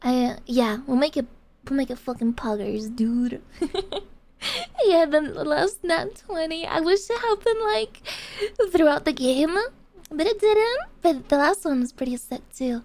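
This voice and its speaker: A woman's voice: high voice, a little slow, a little mellow. A young woman streamer chatting casually to her viewers, swearing a lot and using gamer slang. She swings between giggles and rants. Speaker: VTuber streamer.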